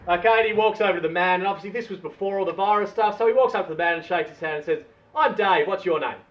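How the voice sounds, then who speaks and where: A man casually telling a long shaggy-dog joke, playful and drawn-out, heard from a distance in a dull recording. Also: sits high. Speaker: storyteller.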